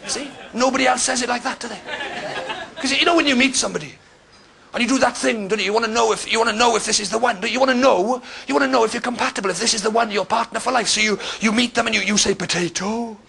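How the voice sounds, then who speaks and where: A fast-talking Welsh man performs stand-up in a comedy club and sounds exasperated and mock-indignant. His voice is pitched high and has a gravelly rasp. Loud crowd laughter fills the room behind him.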